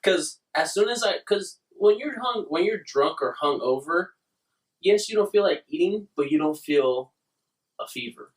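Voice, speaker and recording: A man's voice: sits high, lively intonation, unhurried. A young man hosting a podcast, telling an embarrassing story in casual, profane chat with frequent laughs. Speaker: podcast host. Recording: roomy, distant mic.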